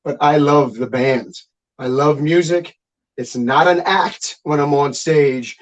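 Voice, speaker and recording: A middle-aged man, a guest musician, telling stories in a casual, profane, animated interview chat. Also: on the high side, slow.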